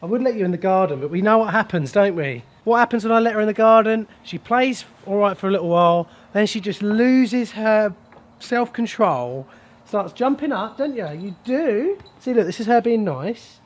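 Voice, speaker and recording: Chatty man with a high voice. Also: lively intonation, normal speed. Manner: chatty and jokey, explaining as he works. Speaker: plumber. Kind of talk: casual how-to vlog. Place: boot room of a house, indoors.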